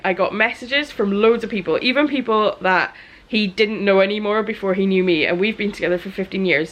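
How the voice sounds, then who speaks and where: A woman, chatting casually to camera in her small business vlog, animated and laughing as she tells a story. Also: mid-range voice. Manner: animated storyteller, acts out quotes, laughs often.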